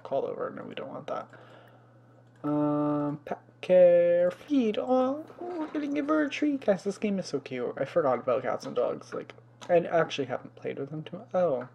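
A man's voice: high-pitched, sing-song, moderate pace, gravelly, dark tone, dull audio, slight background noise. A young man hosting a life-sim let's play in casual commentary, chatty and fussy, exclaiming often and scolding the game's pets.

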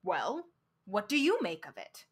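A woman voicing a jovial, grand old bearded male psychiatrist who asks loud, theatrical questions in a storybook reading. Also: mid-range voice, huge pitch swings, measured pace, slightly rough, pitched below the performer's own voice, exaggerated voice.

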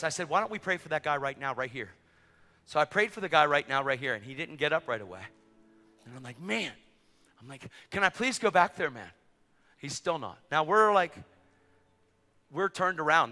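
A middle-aged man preaching, telling a story with acted-out dialogue and bursts of shouting. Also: mid-range voice. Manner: excitable, acts out dialogue, rising to shouts. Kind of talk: sermon storytelling. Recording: long reverb of a large hall.

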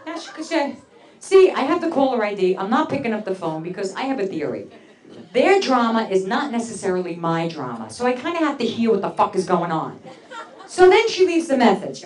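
A woman doing a stand-up comedy set, telling stories in a brash, profane way with animated impressions. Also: mid-range voice, brisk, roomy sound, recorded from a distance. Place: comedy club stage. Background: audience laughter.

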